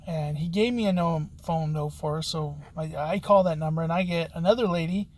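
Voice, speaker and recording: A locksmith telling a job story in a casual, rambling way, with frequent halts and restarts. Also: mid-range voice. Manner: rambling, halting, with many restarts and fillers. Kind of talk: casual spoken anecdote.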